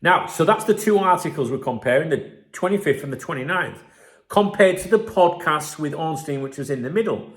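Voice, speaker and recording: A man hosting his channel, giving casual commentary while reading out analysis, animated and conversational, often checking in with "right?". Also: a little high, fairly quick, echoey room. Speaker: channel host.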